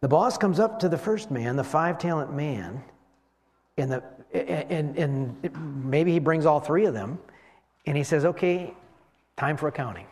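A man's voice: a little high, a little slow, a little mellow. A man preaching a sermon in a conversational way, with rhetorical questions and frequent restarts. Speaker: pastor.

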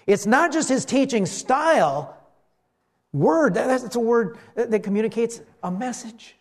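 A male pastor preaching to his congregation, his voice sitting high and leaping up and down in pitch. He throws himself into the story, taking on the voices of its characters as he preaches. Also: normal speed. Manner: animated, acts out the voices in the story. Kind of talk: sermon.

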